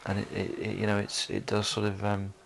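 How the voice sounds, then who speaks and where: A man's voice: fairly low pitch, monotone, brisk, creaky. A man giving a solo film commentary, rambling with many fillers and restarts.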